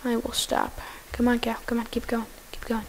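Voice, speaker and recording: A woman giving goofy, excitable casual gameplay commentary, talking to the animals in her game. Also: fairly high pitch, normal speed, a little hiss or hum.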